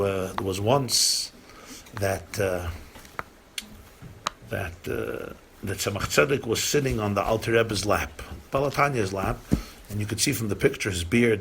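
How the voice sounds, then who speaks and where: At a community gathering, a rabbi with a creaky, mid-range voice tells stories against a noisy background. He's an animated storyteller who acts out the dialogue and mixes in Yiddish and Hebrew phrases.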